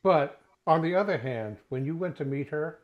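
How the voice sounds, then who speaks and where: A man's voice: a little high, animated, normal speed. A man hosting an interview, making playful remarks to his guest. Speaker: interview host. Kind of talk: interview chat. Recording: dull lo-fi sound.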